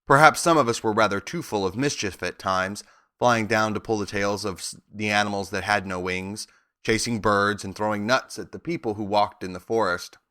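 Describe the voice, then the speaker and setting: A man voicing the dignified king of the winged monkeys, telling his tale in a measured, unhurried way. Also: lowish voice, bright, forceful tone, no room sound, clean studio sound. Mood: storytelling.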